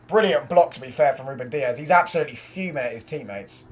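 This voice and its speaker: A man's voice: medium pitch, steady tone, brisk, hardly any pauses. A young man hosting a live football watchalong stream, chatting in casual slangy banter and reacting to the match and viewers' messages.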